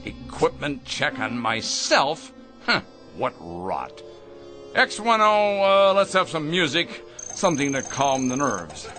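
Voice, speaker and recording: A man's voice: fairly high pitch, very animated, slow, music in the background. A middle-aged man playing a cold, pompous factory owner who is obsessed with efficiency and speaks condescendingly. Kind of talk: 1960s radio drama acting.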